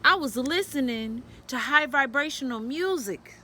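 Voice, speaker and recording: A woman's voice: high-pitched, animated, measured pace, pushed and bright. A woman telling a personal story to the camera, speaking bluntly with plenty of profanity and urging other women directly. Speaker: vlogger sharing a personal story. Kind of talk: candid storytelling vlog.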